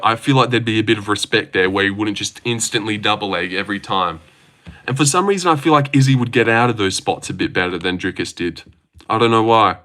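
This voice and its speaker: A man's voice: lowish voice, pushed and bright. A young Australian man hosting a casual livestream, rambling, joking and swearing as he answers his chat. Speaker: livestream host.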